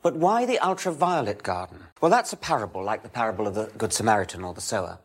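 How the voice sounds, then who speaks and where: An older man giving a public science lecture in a dry, wry, measured way. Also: lowish voice, animated, slightly rough.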